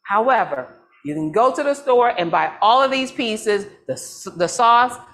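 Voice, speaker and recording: An excitable woman hosts a live cooking demonstration. She chats straight to her audience, repeats herself and keeps calling out to them. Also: a little high, moderate pace. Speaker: church cooking demo host.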